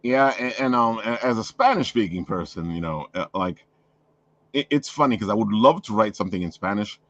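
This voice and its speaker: A man's voice: on the low side, expressive, brisk, a bit bright, no room sound, dull audio. A man hosting a casual chat, rambling with many restarts and frequent laughter. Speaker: podcast host.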